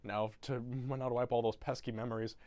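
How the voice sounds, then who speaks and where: A man voicing the grumpy green Grinch in a comedic movie recap, with shrill, shouty outbursts. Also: little pitch movement, a little fast, lightly acted. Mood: scheming. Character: grumpy furry green male Grinch, volatile.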